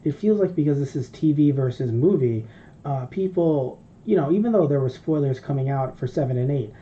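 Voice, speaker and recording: A man chatting on a podcast, talking in long, rambling, profane stretches. His voice is deeply dark and mellow, and the audio comes through a little dull and lo-fi. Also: fairly quick. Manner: rambling, profane, animated storytelling. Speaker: podcast co-host. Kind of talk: casual podcast chat.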